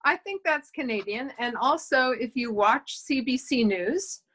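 A woman's voice: fairly high pitch, expressive, measured pace, fairly bright tone. A woman from the United States chatting casually, thoughtful with dry remarks and frequent fillers. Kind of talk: casual chat.

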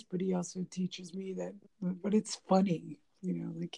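A woman with a gravelly, low-key mellow voice talks in a loose, rambling way, full of fillers and restarts. She laughs often and acts out little snippets of dialogue as she goes. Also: moderate pace. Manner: animated, laughing, mimics dialogue. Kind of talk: casual conversation about relationships.

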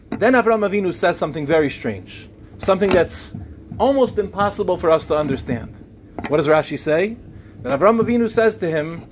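High-voiced man giving a Torah lecture. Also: a little fast, a little hiss or hum. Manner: animated storytelling with humorous asides. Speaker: rabbi teaching a class. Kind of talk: Torah lecture with personal stories.

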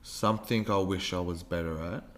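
Deep-voiced man, relaxed podcast chat. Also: moderate pace. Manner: relaxed, rambling, searches for words. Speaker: podcast host, teacher.

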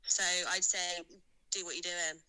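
Candid young woman, bright voice. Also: fairly low pitch, flat delivery, unhurried, clear, resonant tone, rough recording. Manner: candid, reflective, laughs easily. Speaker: friend answering by phone. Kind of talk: casual chat.

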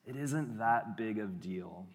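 A man doing a hushed, coaxing tempter voice. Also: on the low side, animated, pitched below the performer's own voice. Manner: hushed, slow and wheedling. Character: coaxing male tempter voice, sly and insistent. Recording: long hall reverb.

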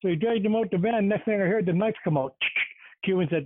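A man's voice: high-pitched, fast, very noisy. An older man co-hosting, rambling through old stories in casual chat. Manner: rambling storyteller. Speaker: co-host. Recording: tinny phone line.

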